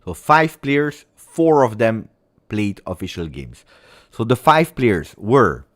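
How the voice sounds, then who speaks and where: A man's voice: fairly low pitch, sing-song, slow pace, a bit bright. A man hosting a fan channel, chatting casually on a livestream, rambling with fillers and self-corrections.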